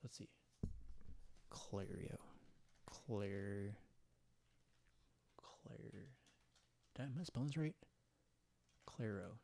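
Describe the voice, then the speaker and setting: A man's voice: on the low side, expressive, slow, creaky, pauses often, warm tone. A young man hosting a casual livestream, rambling and giggling as he chats with viewers and reads their comments. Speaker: livestream host.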